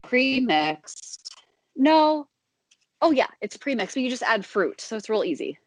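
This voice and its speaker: A woman's voice: a little high, very animated, unhurried, dry recording. Chatty joking woman podcaster, dry sound. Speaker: podcast co-host. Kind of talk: casual chat. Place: at home, remote.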